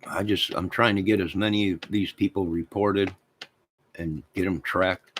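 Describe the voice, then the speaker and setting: A man's voice: deep voice, fairly even intonation, normal speed, fairly bright tone, a little hiss or hum. A man hosting a livestream, rambling crudely and talking to his chat viewers. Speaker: livestream host.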